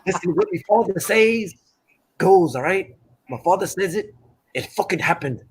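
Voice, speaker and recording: A man doing a put-on Irish accent as a cocky, mocking boxer, in loud, crude, taunting banter. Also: high voice, lively intonation, moderate pace, breathy edge. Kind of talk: casual podcast banter.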